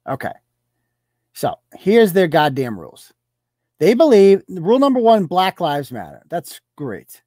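A man's voice: sits high, wildly swooping pitch, measured pace, mellow, no room sound, studio quality. A man hosting a live show, ranting with profanity and sarcasm and firing off mocking rhetorical questions while reading rules aloud.

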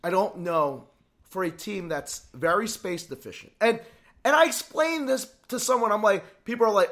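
High lively guy on a sports podcast, trips over his words, swears a lot, gets worked up. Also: normal speed. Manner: excitable, stammering restarts, swears freely. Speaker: podcast co-host. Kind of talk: casual sports chat.

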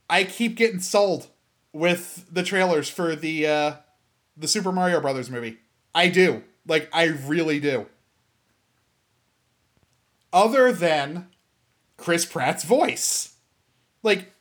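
A young man from the US hosting a casual solo show, rambling and animated, with many fillers and restarts. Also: high voice. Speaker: podcast host.

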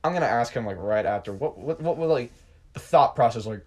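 A young man hosting a podcast, telling animated, crude stories and swearing freely in casual chat. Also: mid-range voice, a little fast. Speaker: podcast host.

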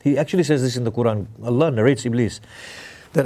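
A middle-aged man preaching a conversational sermon, putting questions to his listeners and slowing down to stress key words. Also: medium pitch, warm tone. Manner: questions the audience, emphatic with sudden slow stresses. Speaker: Islamic preacher.

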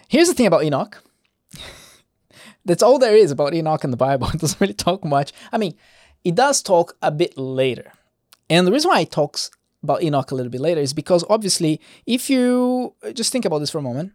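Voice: medium pitch, very animated, fairly quick, a little mellow, dry recording, studio quality. A Bible teacher giving a casual Bible study, reading scripture aloud and adding light-hearted, conversational commentary with frequent restarts.

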